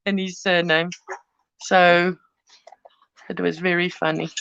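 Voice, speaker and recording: A woman's voice: fairly low pitch, slow, creaky, pauses often, a bit bright, clean tone, dry recording. Lady doing a live craft stream at home, rambly and giggly, muffled lo-fi sound. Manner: rambling and giggly, chats while cutting paper. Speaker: craft channel host. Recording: dull lo-fi, dry sound.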